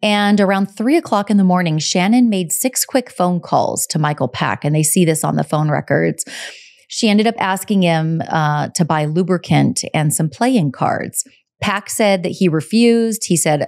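Lower-voiced woman hosting a podcast. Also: animated, moderate pace, darkish tone. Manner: conversational, hedges with personal takes. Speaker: podcast host. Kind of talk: casual true crime storytelling.

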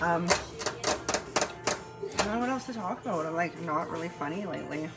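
A woman's voice: fairly low pitch, animated, fairly quick, long pauses. A tired woman vlogging from her bedroom, rambling in a chatty, profane way and laughing often. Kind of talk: rambling casual monologue. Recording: music loud in the background. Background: music playing.

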